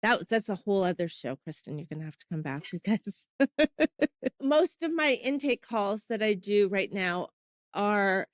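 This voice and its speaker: A Canadian woman in her thirties hosts a podcast, candidly recounting her fertility story in a casual, emotional way and often acting out what people said. Her mid-range voice is expressive and measured, with no echo.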